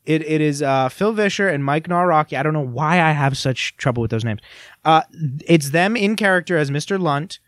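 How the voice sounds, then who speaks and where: Young male podcast co-host, slightly high voice, chatty and self-deprecating. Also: expressive, brisk, fairly bright tone, no echo, clean studio sound. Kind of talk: casual chat.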